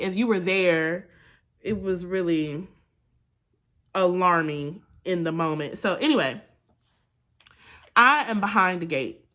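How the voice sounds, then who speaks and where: Doing her makeup at home, this young woman tells a storytime in a lowish voice, breaking off for lively asides to her audience. She's a beauty vlogger filming on her phone camera.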